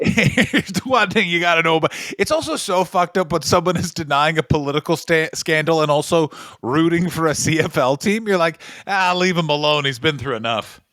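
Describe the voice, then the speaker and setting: Sarcastic man telling stories, slightly high voice. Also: brisk, few pauses, dry recording. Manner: animated storyteller, profane, sarcastic. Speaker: comedy podcast co-host. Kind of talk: casual comedic chat.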